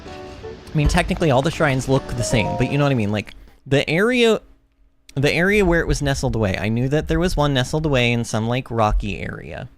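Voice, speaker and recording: A woman's voice: extremely low pitch, expressive, brisk, faint music behind. A woman streaming a video game and chatting casually with her viewers, talking in a bubbly way with lots of fillers and restarts. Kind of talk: casual livestream chat while playing.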